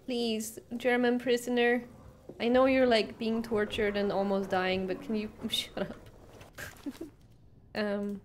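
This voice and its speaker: A woman's voice: fairly high pitch, little pitch movement, slow pace, pauses often, slight background noise. A young woman streaming a game, chatting casually with her viewers, asking them questions and laughing often. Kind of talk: casual live-stream chat while playing.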